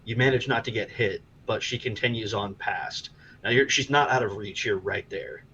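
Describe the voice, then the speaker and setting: Game master, man, relaxed, slight hiss behind. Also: on the low side, normal speed, highs cut off. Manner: relaxed, hesitant with fillers. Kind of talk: narrating a tabletop game.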